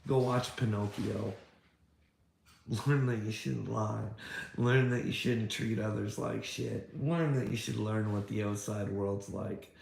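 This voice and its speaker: A man's voice: lowish voice, fairly even intonation, a little slow, vocal fry, darkish tone, reverberant. A man ranting at a critic, combative, firing rhetorical questions, swearing and repeating "bud" and "you know what I mean". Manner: swears a lot. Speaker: video creator ranting at a critic. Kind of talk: confrontational rant.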